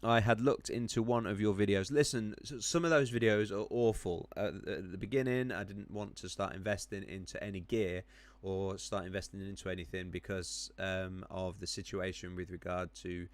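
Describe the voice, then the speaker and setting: A man's voice: sits low, fairly even intonation, moderate pace, hardly any pauses. A man running a live stream on crypto charts, chatting with viewers, rambling with many ums and self-corrections while clicking around.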